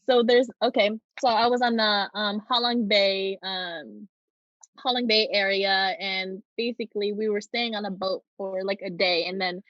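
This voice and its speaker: A young woman, a podcast guest, telling a travel story in casual chat, animated, often laughing and acting out what people said. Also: medium pitch, normal speed, no echo, dull audio.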